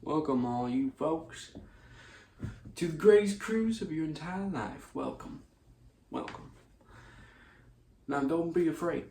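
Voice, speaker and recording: A man's voice: fairly high pitch, animated, slow, gravelly, long pauses, warm tone, far from the mic, voice pushed up, full character voice. A man putting on a swaggering pirate host, with a theatrical, grand manner and a vague put-on accent. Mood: grandly welcoming. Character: swaggering male pirate host, welcoming and boastful. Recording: echoey room with faint noise.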